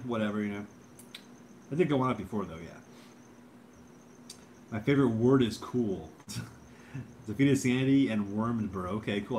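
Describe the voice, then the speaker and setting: A man's voice: mid-range voice, a little mellow, slight background noise. Laid-back man chatting on a livestream. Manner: laid-back, rambling, says bro and dude a lot. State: drinking beer. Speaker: livestream host. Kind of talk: casual livestream chat.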